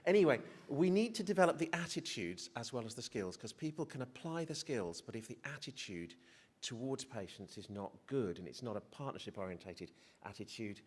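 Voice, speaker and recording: A man's voice: mid-range voice, animated, fairly quick, husky. A middle-aged male physician giving a conference presentation, hesitant and prone to restarts, with self-deprecating humour. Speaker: physician speaker. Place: conference hall.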